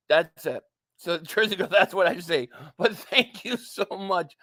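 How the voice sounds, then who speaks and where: Male stream host, high voice, dry close mic, chatty, reads out viewer comments. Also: normal speed, sharp tone, dry recording. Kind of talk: casual live stream chat.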